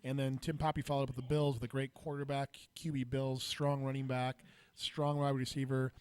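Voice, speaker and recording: A man's voice: medium pitch, level tone, fairly quick, a little mellow, clean tone. A man co-commentating a retro football game tournament, earnest and chatty in his analysis. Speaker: co-commentator and player.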